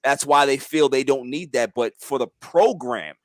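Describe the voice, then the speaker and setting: A man in a casual sports chat, giving his takes in halting, restarting phrases. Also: medium pitch, dry recording. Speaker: panel guest.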